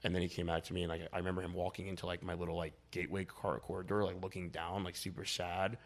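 Fast-talking young man, very low voice. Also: little pitch movement. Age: young adult. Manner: rambling, heavy on "like" fillers, blunt, swears freely. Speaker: guest. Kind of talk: casual podcast chat.

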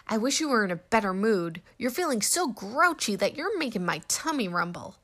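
A woman voicing a small grumpy male blue bear in a storybook reading, with a slightly gruff, gently reassuring voice. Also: medium pitch, very animated, normal speed. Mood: kindly gruff.

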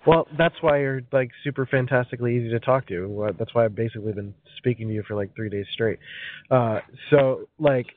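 A man's voice: mid-range voice, brisk, no echo. A man hosting a podcast in a playful, jokey casual chat. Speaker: podcast host. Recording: dry, phone-like sound.

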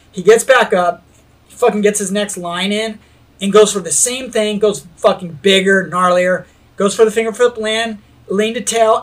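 A man telling a skateboarding story in casual chat, animated, swearing freely and laughing as he goes. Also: sits high.

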